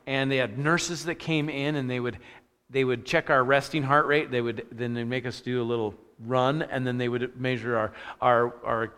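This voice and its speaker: Bright-voiced male pastor in reverberant hall. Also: medium pitch, steady tone, normal speed, smooth. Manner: self-deprecating storytelling, frequent restarts and fillers. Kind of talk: sermon.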